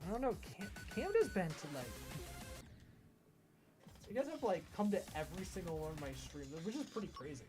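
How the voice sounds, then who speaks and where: In a casual live stream with music behind him, an American man rambles and chats with viewers, often reading their messages aloud. His high voice has lively intonation, and he speaks fairly quickly but pauses often.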